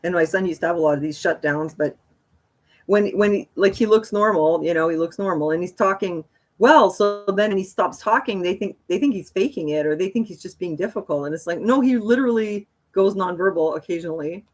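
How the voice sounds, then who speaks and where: A woman's voice: on the low side, brisk. A woman hosting a casual livestream, chatting in a rambling way with frequent laughs. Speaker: livestream host.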